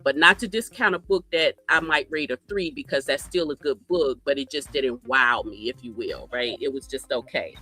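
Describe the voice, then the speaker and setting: A man's voice: medium pitch, moderate pace, hardly any pauses, pushed and bright, slightly rough. A man co-hosting a casual book podcast, talking reflectively with many fillers. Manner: reflective, lots of "you know" fillers. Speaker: podcast co-host. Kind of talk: casual chat.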